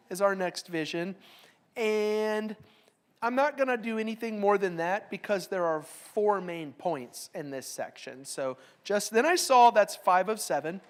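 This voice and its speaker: A middle-aged woman leads a Bible study at an ordinary pitch for her sex. She leans hard into each verse she reads, then drops into easy, joking explanation for her class.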